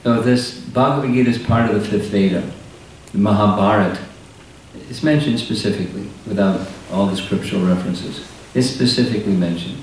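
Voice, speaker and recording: A man with a somewhat low voice teaches scripture slowly and deliberately, pausing often between phrases. He sounds far from the microphone, in a strongly echoing hall with a faint hiss behind him. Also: a little mellow. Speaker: spiritual teacher. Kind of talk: scripture lecture.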